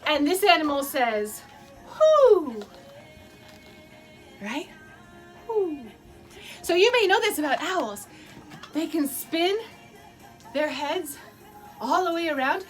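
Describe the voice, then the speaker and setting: A woman's voice: sits high, expressive, a little slow, pauses often, faint music behind. A woman teaching children a dance storytime from her basement, playful and encouraging, laughing often and making animal sounds. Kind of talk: guided movement storytime for kids. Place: home basement.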